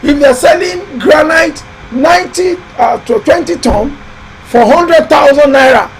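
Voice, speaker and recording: A very high-pitched man talks loudly and emphatically, hosting a live building-advice stream. He repeats himself and exhorts his viewers like a preacher. A faint hiss runs under the recording. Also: a little slow, rough recording. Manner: loud, emphatic, exhorting and repetitive. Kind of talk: live-stream motivational talk.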